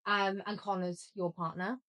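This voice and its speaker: A woman's voice: medium pitch, level tone, unhurried, a bit bright, rough recording. A young woman co-hosting a casual podcast, rambling with lots of "like" and "um". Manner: rambling, filler-heavy chat. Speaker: podcast co-host. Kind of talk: casual chat.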